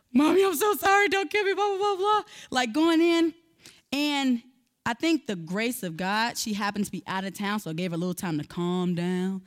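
A woman, giving a sermon-style talk and telling a personal story to her listeners. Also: fairly high pitch. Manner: animated storyteller, addresses listeners directly. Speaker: speaker teaching on parenting.

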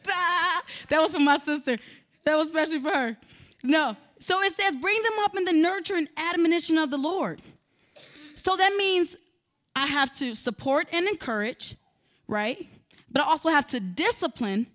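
A woman's voice: sits high, normal speed. A woman, giving a sermon-style talk and telling a personal story to her listeners. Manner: animated storyteller, addresses listeners directly. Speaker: speaker teaching on parenting.

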